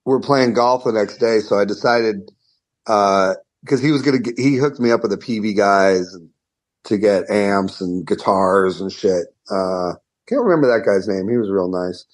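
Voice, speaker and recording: A middle-aged man, a guitarist guest, telling loose rambling stories full of fillers and swearing. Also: fairly low pitch. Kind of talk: casual storytelling.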